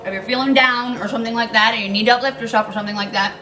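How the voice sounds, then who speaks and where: A woman's voice: fairly high pitch, fairly even intonation, racing, sharp tone, poor audio. Blunt, emphatic woman reading tarot. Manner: blunt and emphatic, swears freely; repeats key lines for emphasis. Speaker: tarot card reader. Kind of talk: casual spoken tarot reading.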